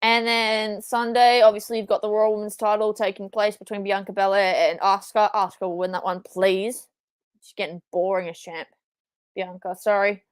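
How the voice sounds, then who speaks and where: A young Australian woman streaming a live wrestling watchalong, excitable, swearing and shouting at big moves. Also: medium pitch, a little fast, clear, resonant tone, no room sound. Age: young adult.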